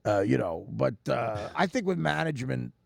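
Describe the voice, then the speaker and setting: A man's voice: mid-range voice, expressive, moderate pace, creaky, dry recording, clean studio sound. A man guesting on a talk show, telling stories with lots of laughs and stammered restarts. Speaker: comedian guest. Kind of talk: casual chat, storytelling.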